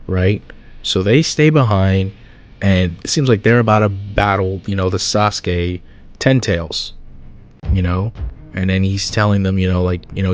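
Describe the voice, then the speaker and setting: A man's voice: lowish voice, darkish tone, lo-fi sound. A man giving a casual, slangy manga chapter recap, full of fillers, who acts out the characters' lines as he goes. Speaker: manga commentator.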